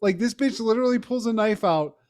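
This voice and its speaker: Male podcast co-host, casual chat, animated and laughing, profane storyteller. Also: sits high, fairly quick. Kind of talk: casual chat recapping a TV episode.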